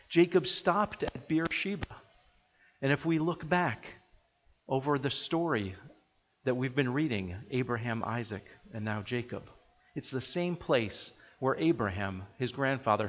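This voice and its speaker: A man preaching a sermon, earnest and reflective, with soft pauses as he explains the passage. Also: mid-range voice. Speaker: pastor. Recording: dull audio with long hall reverb.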